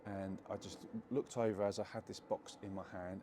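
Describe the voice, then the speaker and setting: A man's voice: lowish voice, little pitch movement, a little fast, hardly any pauses, background noise. A young adult man, chattily retelling a true story to camera with lots of fillers. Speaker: property investor telling a story.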